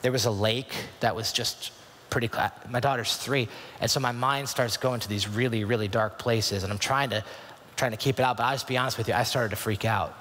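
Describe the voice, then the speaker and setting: A man's voice: mid-range voice, steady tone, a little fast, a bit bright. Earnest man telling a story in a big hall. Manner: earnest, confiding storytelling with many restarts. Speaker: youth conference speaker. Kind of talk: storytelling sermon. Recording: long hall reverb.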